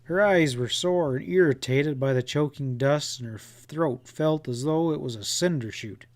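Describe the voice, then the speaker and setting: A man narrating a western novel as an audiobook, reading in a slow, measured way. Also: fairly high pitch. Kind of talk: scripted narration.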